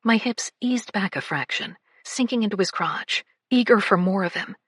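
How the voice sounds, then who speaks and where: A woman narrating a first-person romance audiobook, breathy and often slipping into whispers. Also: mid-range voice, moderate pace, a bit bright, no room sound, studio quality.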